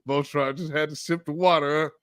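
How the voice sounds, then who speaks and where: Fired-up man with a high voice. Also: steady tone, normal speed, fairly bright tone, smooth, dry recording, clean studio sound. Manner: emphatic, slangy, fired up, with laughs. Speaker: host of a political commentary show. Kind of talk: casual political commentary.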